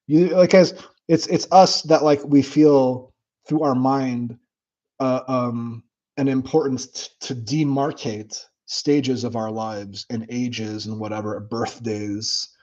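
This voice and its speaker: A man hosting his own livestream, chatting casually with viewers in a blunt, profane and animated way. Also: mid-range voice, slow, lo-fi sound. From United States. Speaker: livestream host. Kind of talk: casual livestream chat reading comments.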